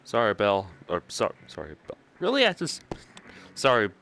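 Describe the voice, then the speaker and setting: A man giving casual, jokey gameplay commentary, swearing freely and laughing a lot. His voice sits low, but its tone is bright and forward, and it jumps around with lively pitch. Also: moderate pace, faint music behind. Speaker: gamer.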